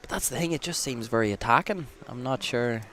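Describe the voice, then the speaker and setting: A man's voice: mid-range voice, animated, fairly quick, background noise. An Irish man giving casual live pool commentary with teasing, wry banter.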